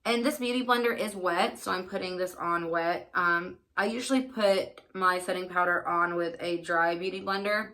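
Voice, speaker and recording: A woman's voice: on the low side, normal speed, hardly any pauses, sharp tone. A woman beauty vlogger chatting casually and candidly through her makeup routine, with lots of fillers. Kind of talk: casual get-ready-with-me chat.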